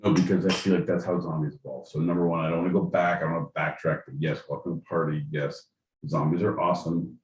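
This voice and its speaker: A man co-hosting a podcast, trading crude comedic banter and breaking into loud, goofy bits. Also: low voice, flat delivery, fast, recorded from a distance, crowd noise. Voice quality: loud, joking, swings into goofy shouted bits. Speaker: podcast co-host. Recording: echoey room with faint noise.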